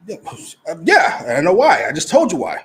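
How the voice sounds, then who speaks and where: A man's voice: high voice, huge pitch swings, moderate pace, husky. A man co-hosting a wrestling review show, casual and heated, arguing and swearing in exasperation. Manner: exasperated, profane, argumentative. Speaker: co-host.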